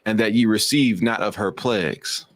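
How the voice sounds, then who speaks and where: Low-voiced man reading scripture aloud. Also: moderate pace. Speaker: class member reading scripture.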